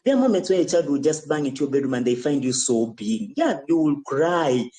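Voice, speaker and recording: Low-voiced, mellow, emphatic woman. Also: expressive, a little fast. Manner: emphatic and repetitive, stumbling restarts. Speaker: podcast guest. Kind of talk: casual conversation.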